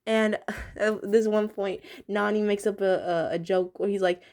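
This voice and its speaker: A woman's voice: medium pitch, fairly even intonation, unhurried, darkish tone. A young woman casually reviewing a cartoon episode, chatty and giggly, with many fillers and restarts.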